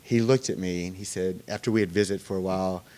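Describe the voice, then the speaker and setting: A man tells a meeting about his recovery in a meeting room, rambling conversationally with lots of fillers and pauses. His low voice is steady and dark in tone, with slight background noise audible.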